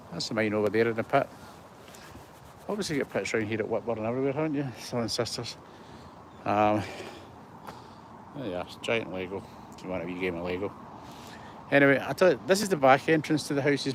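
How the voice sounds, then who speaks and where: A man's voice: medium pitch, noisy background. A Scottish man in his sixties giving a rambling, chatty walking-tour vlog with a phone on a gimbal, poking fun at himself. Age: 60s. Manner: chatty, rambling, self-deprecating. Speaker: vlogger. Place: outdoor heritage museum grounds. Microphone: handheld phone on gimbal.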